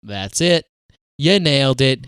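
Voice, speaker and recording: A man's voice: mid-range voice, lively intonation, slow pace, fairly bright tone, smooth, no echo, studio quality. A man co-hosting a podcast in casual chat, making wry, joking asides. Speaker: podcast co-host.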